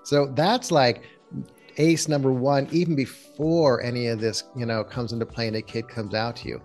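A man, a therapist, calmly explaining parenting advice as a guest in an interview, posing reflective questions. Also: medium pitch, moderate pace, faint music behind. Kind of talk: conversational advice in a podcast interview.

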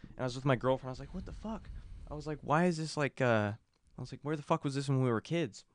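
A man's voice: mid-range voice, fast talker. A young man in casual podcast chat, rambling through a long story with lots of cursing and filler words. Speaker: podcast co-host.

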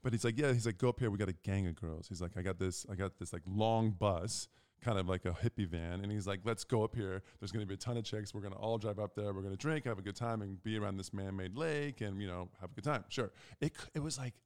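A young man co-hosting a casual chat, telling a long story and acting out the quotes with big jumps in pitch. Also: fast talker, darkish tone, smooth. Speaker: podcast co-host.

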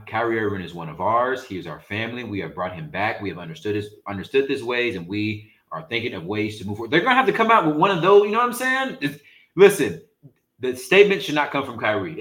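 A man co-hosting a casual sports podcast, talking in an animated, emphatic way and sometimes searching for words. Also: on the low side, reverberant, poor audio. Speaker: podcast co-host.

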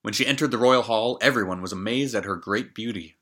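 A man's voice: fairly low pitch, brisk, pushed and bright. A man reading a fairy tale aloud, stopping often for joking comments on the story. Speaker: storybook reader.

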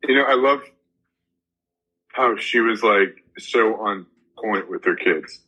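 A man's voice: lowish voice, slow, sharp tone, slightly rough, rough recording. A man co-hosting a podcast, joking and upbeat, with eager little interjections. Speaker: podcast co-host. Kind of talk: casual podcast chat.

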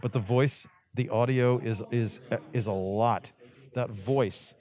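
A man, a voice actor, chatting casually in an interview, loose and animated, with many restarts. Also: mid-range voice, slow pace. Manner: animated, laid-back, rambling with restarts. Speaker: voice actor guest.

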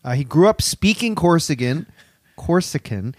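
Lively man laughing through history notes. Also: fairly high pitch, moderate pace, no echo, clean studio sound. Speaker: co-host. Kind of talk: casual comedic podcast chat.

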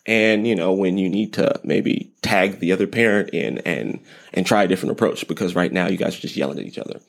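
A man's voice: sits low, brisk, creaky. A man hosting a podcast, giving casual parenting advice in a rambling, repeating way with light self-deprecating humor. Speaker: podcast host.

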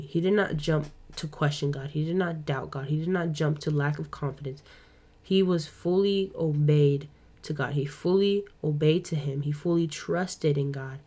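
A young woman hosting a podcast, talking through a Bible story in a casual, chatty way with quick asides. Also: sits low, warm tone. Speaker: podcast host.

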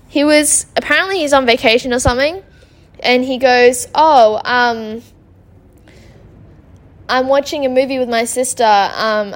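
A young woman, hosting a solo podcast and retelling an argument in an exasperated, chatty way with lots of ums and likes. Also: fairly high pitch. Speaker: podcast host.

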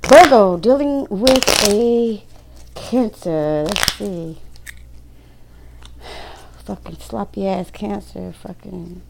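A woman's voice: medium pitch, slow, gravelly, pauses often, noisy background. A woman doing a casual tarot reading, talking bluntly to her viewers and swearing freely. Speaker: tarot reader.

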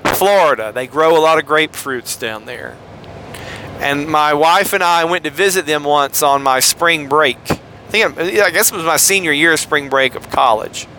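A man's voice: a little high, moderate pace, bright, forceful tone, slight background noise. A man hosting a solo podcast from a car, talking in a rambling, jokey way full of asides. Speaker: podcast host.

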